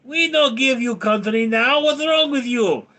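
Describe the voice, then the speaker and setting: A man puts on a shrill, defiant personified country for a joke told live. The voice jumps well above his usual pitch and talks in choppy broken English. The tone is bright and cutting. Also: a little slow, exaggerated voice. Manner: broken English, strained high voice.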